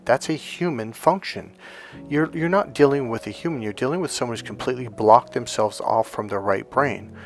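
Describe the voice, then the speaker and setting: A man's voice: mid-range voice, moderate pace, faint music behind. A man coaching in a casual motivational monologue, rambling with many restarts and repeated words. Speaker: life coach.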